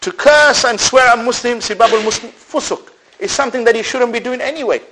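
Very high-pitched and fairly quick, an Islamic preacher's voice comes through a rough recording with a little hiss or hum. Before a live audience, he raises rhetorical questions and answers them, sprinkles in Arabic religious phrases, and shifts animatedly between loud and soft passages.

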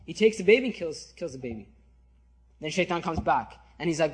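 A man preaching, telling a story in an animated, conversational way and checking in with his listeners. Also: a little high, brisk, slightly rough. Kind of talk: sermon storytelling.

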